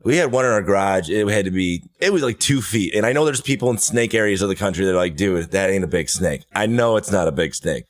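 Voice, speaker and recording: A man hosting a podcast, telling stories in a casual, animated, laughing way. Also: low-pitched, fast talker, hardly any pauses. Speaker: podcast host. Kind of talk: casual chat.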